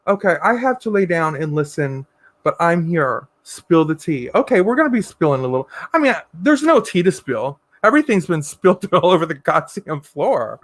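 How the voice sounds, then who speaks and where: A man hosting a casual livestream, reading viewer comments aloud and answering in a sassy, campy way with drawn-out endearments. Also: on the high side, very animated, fairly bright tone, no room sound. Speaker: livestream host.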